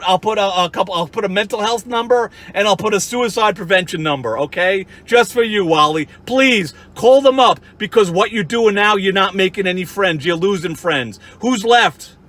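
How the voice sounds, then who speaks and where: A man's voice: high voice, expressive, a little fast, few pauses, fairly bright tone. A man ranting at the camera, heated and profane, addressing his critics directly with many restarts. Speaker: YouTuber. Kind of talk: angry rant to camera.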